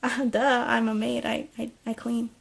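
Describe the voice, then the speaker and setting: A woman's voice: fairly high pitch, little pitch movement, gravelly, breathy edge, exaggerated voice. A woman voicing a shifty young woman posing as a maid, stammering and acting innocent. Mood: fake innocent. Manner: halting, stammering, fake-innocent.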